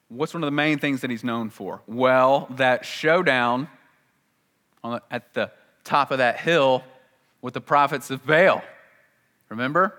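A man preaching a sermon, telling a story with energy and acting out the lines he quotes, with rises and drops in pitch and loudness. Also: in a large hall. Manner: animated storytelling, acts out quotes with big jumps in pitch and volume. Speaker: pastor.

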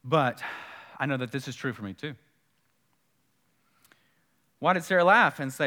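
A man's voice: fairly high pitch, big pitch swings, moderate pace, pauses often, sharp tone, long reverb tail. A man preaching a sermon in a conversational way, repeating key points for emphasis and acting out the dialogue of scripture. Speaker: pastor.

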